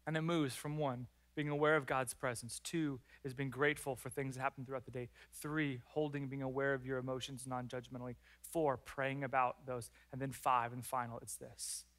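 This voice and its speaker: A male pastor preaching a sermon in church, animated and acting out prayers and complaints. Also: mid-range voice, normal speed, few pauses. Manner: animated, acts out prayers and complaints in lively voices.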